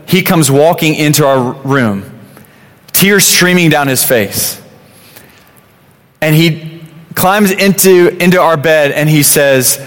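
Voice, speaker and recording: A man in his thirties gives a relaxed, chatty sermon, stumbling over and repeating his words as he goes. His voice sits a bit high for a man. Long reverb from a large church hall trails after every line. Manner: conversational, repeats words, many "you know" fillers. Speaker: pastor.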